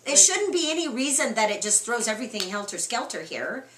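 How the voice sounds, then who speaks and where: Animated woman teaching a Bible group. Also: on the high side, fairly quick, echoey room, a little hiss or hum. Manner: animated, asks the group questions, reads scripture with expression. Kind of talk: interactive Bible study lesson. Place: room with a small group.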